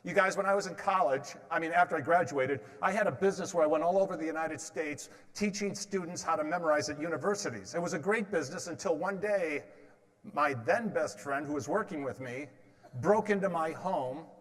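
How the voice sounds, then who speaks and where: High-voiced man telling stories in a reverberant hall. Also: brisk, fairly bright tone. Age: 50s. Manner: storytelling, quizzes the audience with questions and jokes. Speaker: motivational speaker. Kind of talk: motivational stage talk with humor. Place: large hall with an audience. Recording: long reverb of a large hall.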